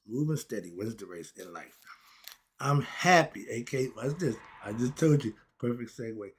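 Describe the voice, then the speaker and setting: Husky man preaching about happiness. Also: medium pitch, animated, moderate pace. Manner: preachy, repeats rhetorical questions and answers them. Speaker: self-help philosophy talk host. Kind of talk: casual spoken lecture.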